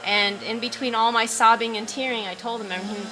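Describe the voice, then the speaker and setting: Speaking quickly in a fairly high, steady voice, a woman tells a story on a casual livestream from her home by a window. She's chatty and often apologetic, stopping to read chat aloud and reply. Background noise is present.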